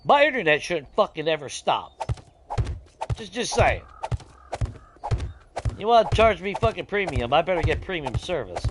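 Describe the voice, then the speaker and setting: A man's voice: fairly high pitch, moderate pace, long pauses, background noise. A man, talking casually while he plays, ranting with heavy swearing. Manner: profane, animated ranting with laughs. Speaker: gaming streamer. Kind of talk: casual ranting chat over gameplay.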